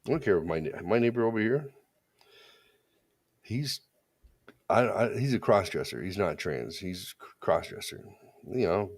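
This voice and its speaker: A man's voice: lowish voice, expressive, moderate pace, long pauses. A man co-hosting a podcast, talking in a casual, opinionated way and telling blunt, crude stories with frequent restarts. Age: adult parent. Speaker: podcast co-host.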